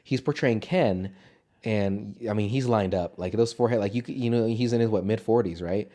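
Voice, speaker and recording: A man's voice: lowish voice, a little fast, dark tone. A man co-hosting a podcast, chatting casually about a movie, rambling and swearing as he goes. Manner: rambling, swears, acts out quoted lines. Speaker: podcast co-host. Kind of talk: casual movie-review chat.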